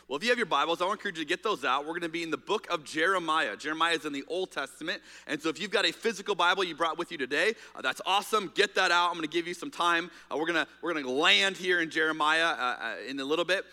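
Bright-voiced pastor in a reverberant hall. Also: male voice, fairly high pitch, rapid-fire, hardly any pauses. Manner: conversational, candid, with fillers and restarts. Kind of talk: sermon. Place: church auditorium.

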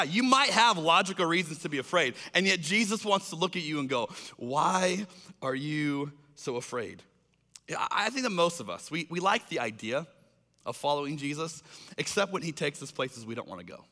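A man preaching a sermon as a pastor, telling a story in a lively way and acting out the voices in it. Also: on the high side, brisk, big-room sound. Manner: animated storytelling, acts out voices.

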